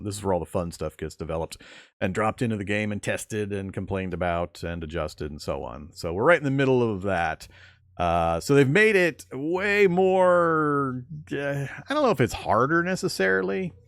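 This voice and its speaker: A man's voice: sits low, fairly bright tone, dry recording. A man giving casual, rambling commentary on his survival game run, often chuckling and correcting himself mid-sentence. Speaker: game streamer.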